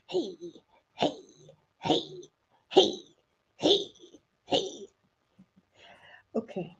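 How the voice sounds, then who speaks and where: Woman, podcast co-host, casual chat, high lively voice, husky, unhurried, dull lo-fi audio. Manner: expressive, teasing, laughs often.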